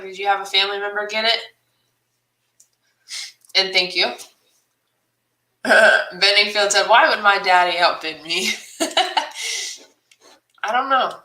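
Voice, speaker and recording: A woman's voice: mid-range voice, bright, forceful tone. A woman co-hosting a live-stream auction, chatting with viewers, reading their comments and calling bids with frequent laughter. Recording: roomy echo.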